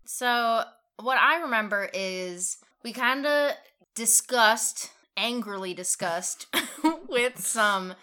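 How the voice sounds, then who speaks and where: Bright, teasing woman at a game table. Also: a little high, animated, slow pace. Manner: teasing, giggly, casual swearing. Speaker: player. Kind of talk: casual tabletop game podcast chat.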